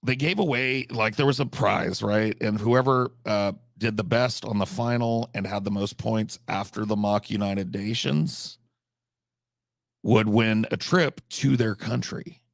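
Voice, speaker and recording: A man's voice: lowish voice, measured pace, creaky, few pauses, dry recording, studio quality. A man telling a rambling comic story in a casual, profane, conversational way. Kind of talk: comedic storytelling.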